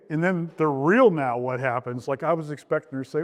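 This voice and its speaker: Speaking a little fast, the groom, a middle-aged man, candidly walks through how he and his wife met for a recorded interview, his voice leaping higher as he replays old exchanges.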